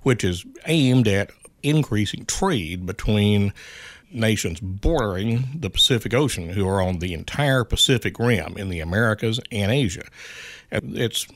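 Middle-aged male radio pundit, low-pitched, dry close sound, wry and unhurried. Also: lively intonation, no room sound. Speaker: regular political commentator. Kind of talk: radio politics chat. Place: radio studio.

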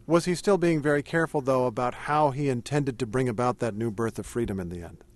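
A man's voice: medium pitch, fast. Man hosting a radio news interview.

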